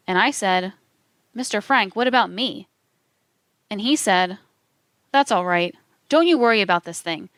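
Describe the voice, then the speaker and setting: A woman narrating a true-crime account in a measured, even reading, voicing quote marks aloud. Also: mid-range voice, smooth, no room sound.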